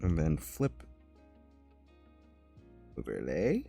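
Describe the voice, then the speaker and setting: A man streaming as an artist, chatting casually as he works and breaking into high squeals of disgust and laughter. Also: huge pitch swings, very slow, gravelly, mellow, slightly rough, soft background music. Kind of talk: casual live-stream chat while drawing.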